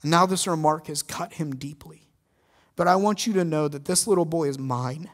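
A man's voice: fairly high pitch, moderate pace, lightly acted. A firm, earnest grown man as a preacher reads him out speaking up for a child in a story. The voice stays close to the reader's own. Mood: indignant.

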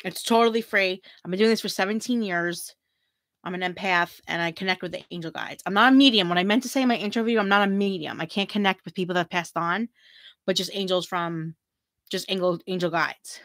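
A woman's voice: on the low side, pushed and bright, no room sound, clean studio sound. Giggly woman hosting a tarot livestream. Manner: giggly, reads viewer comments aloud, chatty and affectionate. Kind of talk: casual livestream chat.

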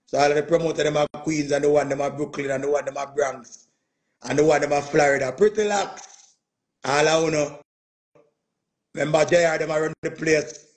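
A Jamaican man, a music performer, telling a boastful story in an animated, casual rant, dropping "man" and "yo" and laughing as he goes. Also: a little high, moderate pace.

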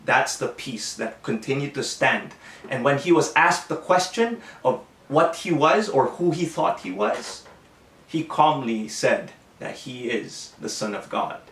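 A man's voice: medium pitch, animated, unhurried, a bit bright, far from the mic. Earnest man preaching in an echoey room. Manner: earnest, self-correcting preaching with many restarts. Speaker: pastor. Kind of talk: sermon. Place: home room. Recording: echoey room, voice a bit off-mic.

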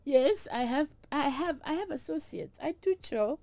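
A woman's voice: high voice, lively intonation, a little slow, darkish tone, no room sound. Emphatic South African woman guest. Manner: mixes English with Zulu and Sotho, emphatic and emotional. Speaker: traditional healer, interview guest. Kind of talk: candid interview talk.

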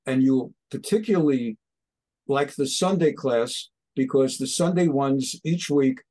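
A man, a rabbi speaking as a guest on an interview show, fiery and ranting, often rising to near shouts. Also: medium pitch. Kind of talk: impassioned talk show interview.

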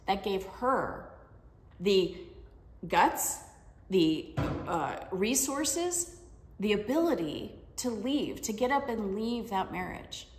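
A woman life coach talks through motivational stories in a loose, conversational way, often tagging her points with quick questions. Her voice sits in a mid range. The room around her is roomy, with a long reverb tail. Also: mid-range voice, expressive, darkish tone. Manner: conversational storyteller, tag questions. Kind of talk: motivational talk with personal stories.

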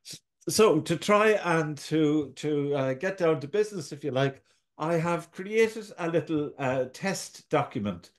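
A man leads a writing lesson over a shared screen. His voice sits a little high, and he speaks gently, pausing and restarting his phrases. He is heard through a computer mic. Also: animated. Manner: hesitant, self-correcting, gentle. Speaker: writing tutor.

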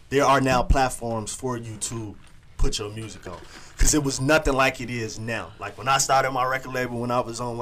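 A man's voice: mid-range voice, a bit bright, slight background noise. A man, talking casually and in slang as a radio interview guest. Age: 20s. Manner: laid-back slangy talk. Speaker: guest rapper and label owner.

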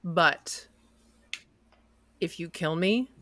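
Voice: medium pitch, very slow, a bit bright, no room sound. A game master voicing a captive male goblin sheriff who talks in an earnest, pleading way.

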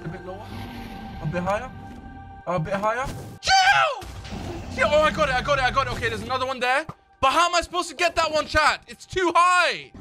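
A male streamer giving excitable gaming livestream commentary, talking to his chat and shouting when he panics. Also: very high voice.

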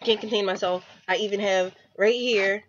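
Female reactor, breathy, excitable vlog voice, muffled lo-fi recording. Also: medium pitch, moderate pace. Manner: gushing, breathless fan excitement. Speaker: YouTube reactor. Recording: muffled lo-fi recording with faint music.

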